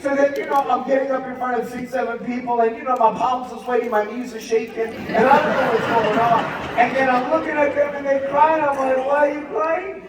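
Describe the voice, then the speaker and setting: A man's voice: very high voice, fairly even intonation, a little fast, few pauses, noisy background. A man giving a motivational stage talk, telling humorous stories with acted dialogue. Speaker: motivational speaker. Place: large event stage. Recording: echoey hall from far off, crowd. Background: audience laughter.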